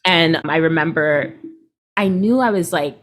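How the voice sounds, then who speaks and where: A woman's voice: deep voice, a little slow. A woman in her thirties, a guest in an interview, talking casually and animatedly, often acting out what other people said. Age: 30s. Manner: chatty, animated, quotes people in put-on voices, laughs often.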